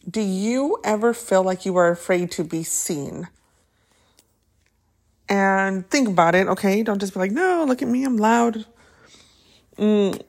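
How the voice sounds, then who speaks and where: A woman's voice: fairly low pitch, a little mellow. A woman hosting a podcast, giving a casual motivational pep talk in a chatty, upbeat way, often tossing in "right?" and a few Spanish words. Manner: restarts and fillers, many "right?" and "okay?". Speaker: podcast host.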